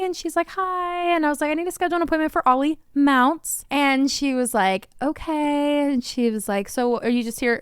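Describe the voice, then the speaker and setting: A young woman co-hosting a podcast, telling a story in casual chat, animated and acting out the voices of people she quotes, swearing freely. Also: on the high side, clear, resonant tone, dry recording, studio quality. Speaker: podcast co-host.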